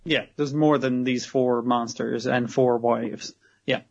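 A man's voice: mid-range voice, steady tone, takes it slowly, gravelly. A man casually recapping an episode, rambling and swearing freely, in a muffled lo-fi recording. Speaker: podcast co-host.

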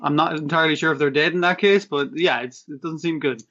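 Podcast guy, a bit high pitched, sweary, retells scenes doing little voices, dull muffled audio. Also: fast talker, fairly bright tone. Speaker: podcast co-host. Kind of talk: casual episode recap chat.

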